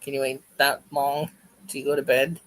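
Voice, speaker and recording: A man's voice: medium pitch, flat delivery, normal speed, poor audio. A man hosting a crochet livestream, chatting casually and jokily while reading the live chat aloud as he works.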